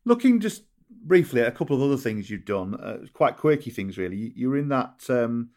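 A man's voice: medium pitch, big pitch swings, fairly quick, a little mellow. A British man interviewing a guest, asking long rambling questions full of tag questions and restarts.

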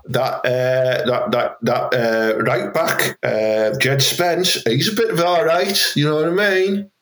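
A man's voice: medium pitch, slow, fairly bright tone. A man co-hosting a podcast, full of cheeky banter and silly put-on voices. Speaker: podcast co-host. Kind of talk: casual chat. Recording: roomy echo.

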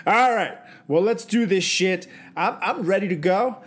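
A man's voice: high-pitched, measured pace. A man co-hosting a podcast who is not a native English speaker, joking in rambling, self-mocking casual banter. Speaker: podcast co-host.

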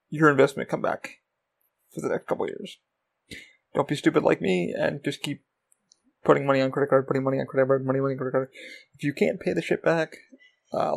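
On his own podcast, a man with a slightly high, gravelly, somewhat dark voice wanders casually through the topic of running a small business. It's loose solo talk, and he swears freely.

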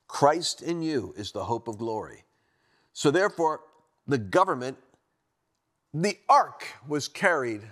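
A man preaching a sermon-style teaching from a studio, animated, swinging between loud emphatic lines and low quiet ones.

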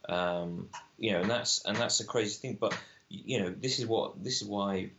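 A man's voice: on the low side, moderate pace, vocal fry, fairly bright tone, muffled recording. A man, a film director guest, arguing animatedly in casual conversation and often restarting his sentences.

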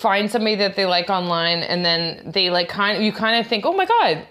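A woman's voice: mid-range voice, steady tone, a little fast, sharp tone. A young adult woman comedian with a Canadian accent, chatting casually on a podcast and rambling with lots of "like" fillers. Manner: rambling, full of "like" fillers, laughs often. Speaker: comedian guest.

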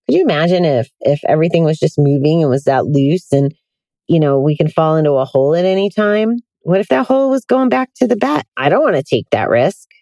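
A low-voiced woman talks candidly into her podcast from a parked car. She sounds tired and keeps a loose, chatty flow full of fillers, and the sound is dry and close. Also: expressive, brisk, dark tone, dry recording. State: tired, yawning. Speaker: podcast host. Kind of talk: casual self-help podcast monologue. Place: sitting in a hot car.

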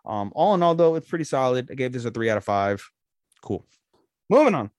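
A man's voice: mid-range voice, lively intonation, fairly quick, a little mellow, smooth, no echo, studio quality. A man co-hosting a podcast, chatting casually and rambling through a plot recap with loose, profane talk. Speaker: podcast co-host. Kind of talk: casual anime review chat.

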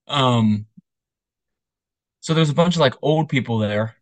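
Unhurried and mid-range in pitch, this young man co-hosting a casual podcast chats with no echo, spinning animated stories and imitating others' voices.

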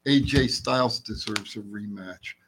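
A man's voice: on the low side, a little slow, background noise. A man co-hosting a podcast, giving blunt opinions in casual chat and repeating his points. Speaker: podcast co-host.

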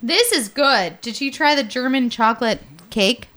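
A woman's voice: on the high side, lively intonation, moderate pace, bright, forceful tone. A woman co-hosting a casual beer-tasting chat, crude and joking, now and then breaking into silly singing. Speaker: podcast co-host.

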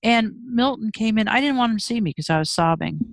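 A woman's voice: a little high, expressive, brisk, gravelly, no echo. A woman guest telling a personal story in a frank, emotional way with wry humor. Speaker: interview guest.

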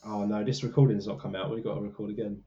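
A man's voice: on the low side, flat delivery, quick pace, dark tone, lo-fi sound. A man co-hosting a podcast in casual, jokey, self-mocking chat from a small hot room. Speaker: podcast co-host.

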